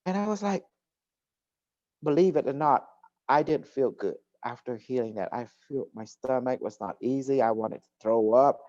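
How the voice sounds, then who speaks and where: A man's voice: mid-range voice, normal speed, darkish tone, no echo. A man hosting a casual talk show, telling a story at length and with emphasis. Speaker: host. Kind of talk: casual chat. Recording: dull lo-fi recording.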